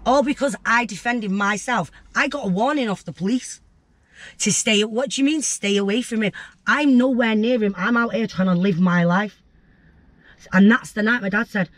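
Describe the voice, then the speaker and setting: A woman's voice: mid-range voice, moderate pace, no room sound. Brief: young woman, interview guest, blunt and vivid storyteller. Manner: blunt, vivid storytelling that acts out voices, with swearing.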